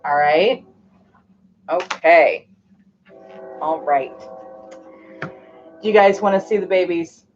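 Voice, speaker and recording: A woman hosting a card reading channel, talking casually and gently to her viewers. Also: on the low side, takes it slowly, pauses often, lo-fi sound, soft background music. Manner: gentle and chatty, cooing at her puppies. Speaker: tarot reader and channel host.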